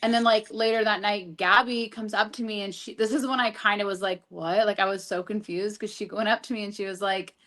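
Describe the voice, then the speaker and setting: A woman's voice: mid-range voice, steady tone, fairly quick, few pauses, fairly bright tone. Rambling young woman, filler-heavy chat. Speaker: reality TV contestant guest. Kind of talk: casual interview chat.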